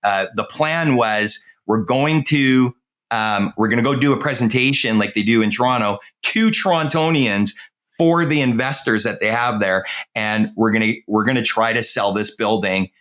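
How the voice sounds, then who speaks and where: Low-voiced man telling a rambling story. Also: moderate pace, fairly bright tone. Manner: rambling, full of fillers and restarts. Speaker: real estate agent, interview guest. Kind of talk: casual storytelling interview.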